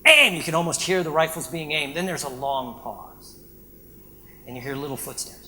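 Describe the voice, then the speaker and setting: A man with a high voice and a bright, forceful tone lectures to an audience. He tells his anecdote with animated energy and keeps checking in with "right?". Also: normal speed. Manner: animated storytelling with frequent "right?" check-ins. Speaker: speaker. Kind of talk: storytelling lecture.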